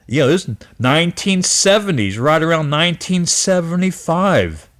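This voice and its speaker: A man in his fifties recalling a family memory in a personal vlog, speaking earnestly and haltingly, often repeating and restarting his words. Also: fairly high pitch, big pitch swings, fairly bright tone. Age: 50s. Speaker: channel host. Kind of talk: personal reminiscence to camera.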